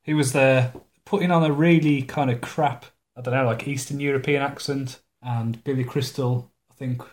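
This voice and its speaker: A man's voice: mid-range voice, fairly even intonation, normal speed. A man, co-hosting a casual podcast, joking sarcastically about a TV episode and swearing freely. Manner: sarcastic, sweary, laughs often. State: recovering from an ear infection. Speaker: podcast co-host.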